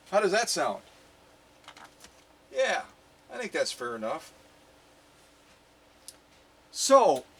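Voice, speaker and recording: A man hosts his own vlog in a chatty, playful way, talking straight to the camera. His voice sits a little on the high side. He drifts into jokey asides as he shows things off. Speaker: sewing machine restorer and channel host. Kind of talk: casual vlog chat to viewers.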